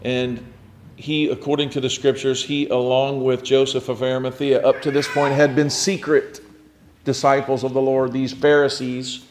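A man preaching a sermon, retelling scripture in a reflective storytelling way, often dropping to a near hush. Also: medium pitch, little pitch movement, moderate pace, a little hiss or hum.

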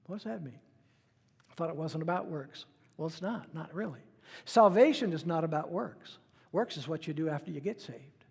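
A man's voice: high-pitched, normal speed, darkish tone, long reverb tail. A middle-aged man preaching a sermon in a conversational way, acting out the voices he quotes. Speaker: pastor.

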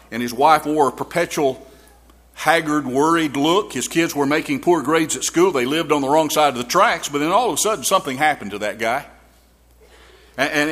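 Higher-voiced preacher telling a folksy story. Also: male voice, fairly bright tone. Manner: storytelling with repeated restarts, folksy. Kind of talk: sermon. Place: church.

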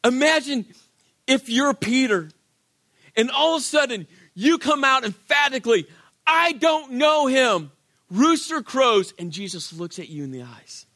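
Animated high-voiced male preacher. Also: moderate pace. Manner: animated storytelling, acts out quotes, rhetorical questions. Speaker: pastor. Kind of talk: sermon.

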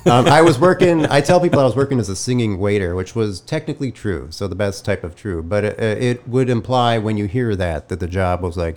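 A man's voice: lowish voice, lively intonation, brisk, hardly any pauses, darkish tone. A man co-hosting a comedy podcast, chatting casually with playful, ironic asides. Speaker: podcast co-host.

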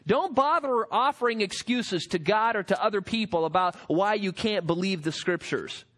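A man preaching a sermon, emphatic and building to forceful peaks. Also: high-pitched, moderate pace. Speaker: pastor.

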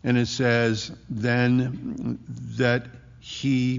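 A man preaching a sermon, emphatic, slowing down to stress key words. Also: mid-range voice, little pitch movement, vocal fry. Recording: muffled hall recording with long echo.

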